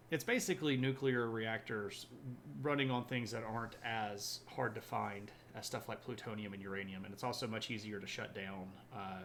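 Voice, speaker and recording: A man's voice: on the low side, vocal fry, a bit bright, a little hiss or hum. A man hosting a live history stream, chatting casually with viewers, full of fillers and restarts. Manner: rambling, many fillers and restarts, laughs at own jokes. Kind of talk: casual chat reading viewer comments.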